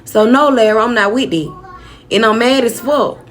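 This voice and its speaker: A woman telling a personal story in a casual vlog, blunt, profane and indignant, with sudden shouts. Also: a little high, normal speed, a little hiss or hum.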